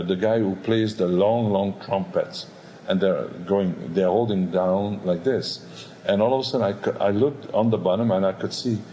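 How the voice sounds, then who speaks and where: A man, an opera baritone, telling a candid backstage story in a rambling, animated way, acting out voices and sounds. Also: dull audio, a little hiss or hum. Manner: animated, acts out quotes and sounds; rambling with many restarts and "all of a sudden". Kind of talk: candid spoken anecdote.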